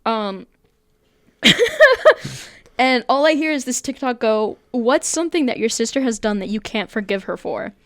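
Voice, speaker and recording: Give me a young woman with a slightly high voice telling a rambling podcast story, loose and chatty with quick laughs. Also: big pitch swings, a bit bright, no room sound, studio quality. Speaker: podcast co-host. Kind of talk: casual podcast chat.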